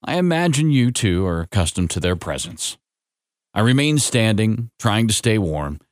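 Low-voiced man reading a story. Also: normal speed, dry recording, studio quality. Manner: gentle, reflective, expressive. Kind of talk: scripted story narration.

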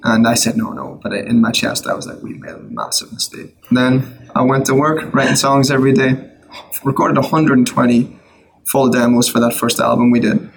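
A middle-aged Irish man, a songwriter, telling his personal story in a casual interview, earnest with quick asides and restarts. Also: medium pitch, little pitch movement, vocal fry, husky, poor audio. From Ireland. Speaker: guest, worship songwriter.

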